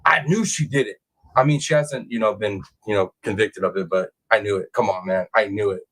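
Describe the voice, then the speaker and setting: A man hosting a casual true crime livestream reads chat comments aloud and bursts into excited, high-pitched exclamations. He talks briskly, and the recording is low quality.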